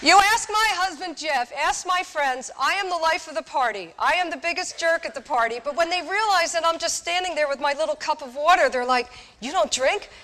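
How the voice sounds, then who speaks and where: A woman gives a lively talk to students, high and bright in tone. She speaks directly and puts questions to her listeners. The echo of a large hall hangs behind her voice. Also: a little fast, few pauses. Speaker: speaker on alcohol awareness. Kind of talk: live talk to college students. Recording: echoey hall.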